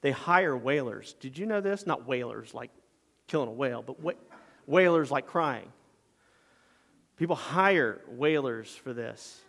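A man pastor preaching a sermon in a church sanctuary, swinging between loud emphatic passages and hushed, quiet asides. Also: medium pitch, expressive, unhurried, creaky, big-room sound.

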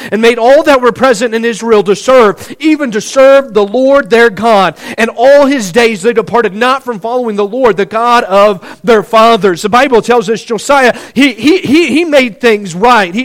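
A man preaching a sermon, earnest, often repeating words as he builds a point and voicing pleading prayers. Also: very high voice.

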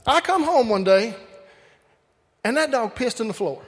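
A man voicing his old grandfather, a calm, plain-spoken man handing out folk wisdom. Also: very high voice, a little slow, big-room sound. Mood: matter-of-fact.

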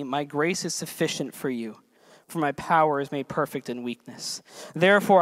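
A man preaching a sermon as a pastor, earnest, building to emphatic peaks and then dropping soft. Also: fairly high pitch.

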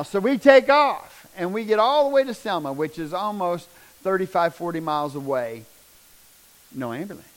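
A middle-aged man telling a personal testimony as a father, his telling raw and intense and swinging from hushed to loud. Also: a little high, lively intonation, normal speed. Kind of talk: emotional personal testimony storytelling.

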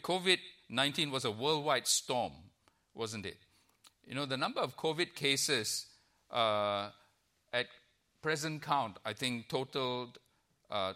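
Bright-voiced man preaching a sermon. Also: mid-range voice. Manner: warm storytelling with frequent uh fillers. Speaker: guest preacher. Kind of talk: sermon with a humorous anecdote. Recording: church service recording.

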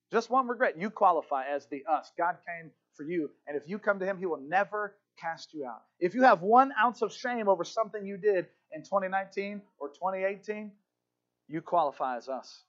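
Male pastor, high voice, impassioned sermon, dull lo-fi sound. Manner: impassioned storytelling, swings from hushed to shouting.

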